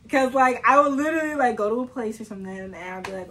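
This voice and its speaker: Chatty young woman, high voice. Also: animated, fairly quick, hardly any pauses, a bit bright, slight background noise, low-quality recording. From Southern United States. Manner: chatty storytelling, laughs often, many fillers. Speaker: vlogger. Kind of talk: casual chat to camera.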